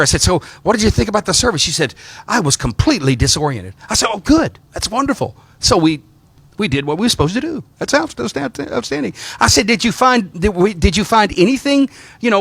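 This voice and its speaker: In a dry recording, a middle-aged man with a Southern accent speaks in a fairly bright, higher-leaning voice. As an Orthodox priest teaching homiletics, he coaches clergy on preaching through folksy anecdotes and repetition.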